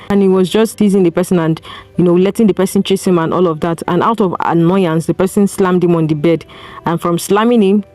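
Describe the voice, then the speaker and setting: This podcast host, a woman with a Nigerian accent, has a lowish, slightly mellow voice. In her solo advice talk she comes across as earnest and preachy, firing off one rhetorical question after another.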